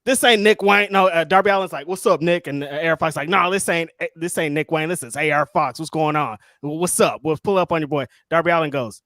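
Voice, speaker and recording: A man co-hosting a casual wrestling recap, telling the story with animated energy and acting out quotes. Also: fast talker, hardly any pauses, no echo, clean studio sound. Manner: animated storyteller, acts out quotes in high voices. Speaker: co-host.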